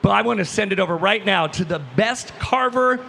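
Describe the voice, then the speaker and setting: Gravelly high-voiced male hype host. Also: a little fast, slight background noise. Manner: energetic, shouting to fans. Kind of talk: live crowd hosting. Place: convention floor.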